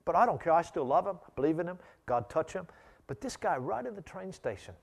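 A man with a somewhat high voice, preaching a sermon. He is emphatic and conversational and often repeats himself as he tells stories to the congregation. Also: big pitch swings, quick pace, gravelly, slightly rough. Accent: non-local accent, not Australian. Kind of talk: sermon with personal storytelling.

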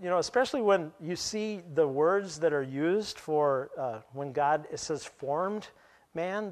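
A man preaching a sermon as pastor, animated and wry, often chuckling at his own asides. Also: on the high side.

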